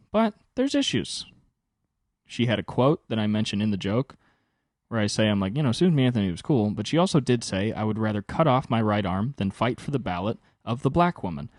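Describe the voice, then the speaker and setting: A young man hosting his own podcast, telling a rambling story in casual, profane storytelling with sudden jumps in pitch for emphasis. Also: dry recording, clean studio sound. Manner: animated, swears freely, pitch jumps high for emphasis. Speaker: podcast host and stand-up comic.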